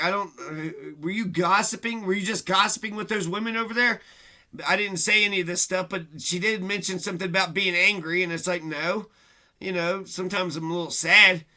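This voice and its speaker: Vlogger, male, high tense voice; rambling profane rant, aggrieved delivery. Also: sharp tone. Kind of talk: casual ranting monologue.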